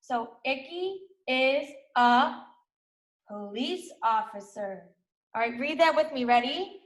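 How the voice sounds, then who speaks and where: A young woman teaches a recorded reading lesson for small children, her voice high and her pace unhurried. She sounds out each word slowly and keeps encouraging. The room around her is echoey. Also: lively intonation. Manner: slow, sounds out letters and words, encouraging.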